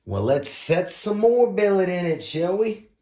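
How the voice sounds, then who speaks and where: Slow, folksy man at the bench. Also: high voice, sing-song, mellow. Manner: folksy, playful exclamations. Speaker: RC car builder, channel host. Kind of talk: casual build tutorial.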